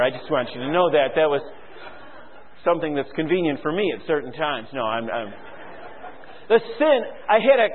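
A man's voice: a little high, slight background noise. A man preaching a sermon as a pastor, firing rhetorical questions at his listeners and quoting scripture aloud. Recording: tinny phone-like sound with long hall reverb.

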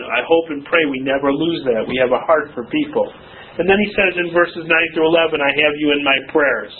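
A man's voice: fairly high pitch, a little hiss or hum. A male pastor preaching a sermon in a conversational way, with asides and short laughs. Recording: tinny phone-like sound.

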